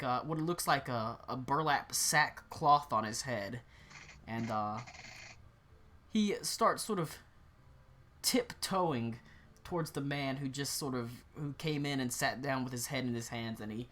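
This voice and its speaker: A man's voice: medium pitch, a bit bright, slight background noise. A man narrating as game master in a tabletop game, rambling with many fillers.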